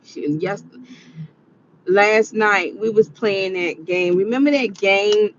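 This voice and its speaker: A woman's voice: medium pitch, slow, lo-fi sound, a little hiss or hum. A tired woman vlogging to her viewers in a rambling, chatty monologue. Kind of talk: casual monologue.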